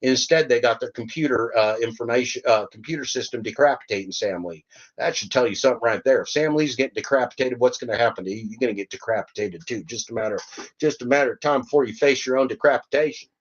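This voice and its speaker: Older male podcast host, mid-pitched, fiery and sarcastic, rambling asides, slow emphatic reading, muffled home recording. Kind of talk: reading aloud and ranting.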